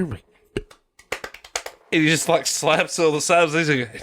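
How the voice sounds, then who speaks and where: A man's voice: fairly high pitch, takes it slowly, a bit bright. A man co-hosting a gaming podcast, talking casually with a lot of swearing and frequent laughter. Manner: profane, emphatic, laughs often. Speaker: podcast co-host. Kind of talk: casual chat.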